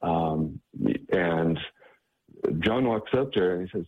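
Male guest, very low and husky, halting with many repeats, phone-quality audio. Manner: halting, repeats words often. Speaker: guest, charity staff member. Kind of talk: interview conversation. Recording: tinny phone-like line.

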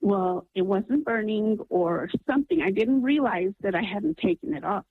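A woman's voice: medium pitch, expressive, moderate pace, a little hiss or hum. A woman calling in to a radio show, earnestly telling a long personal story with many ums. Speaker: caller. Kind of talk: phone-in storytelling. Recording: tinny phone line.

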